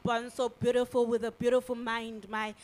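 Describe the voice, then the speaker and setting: A woman's voice: a little high, little pitch movement, moderate pace, a little mellow, rough recording. A woman performing spoken-word poetry at a live event, delivering her lines in a rhythmic, declamatory way. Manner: rhythmic, declamatory, building emphasis. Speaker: performance poet. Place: live venue with audience.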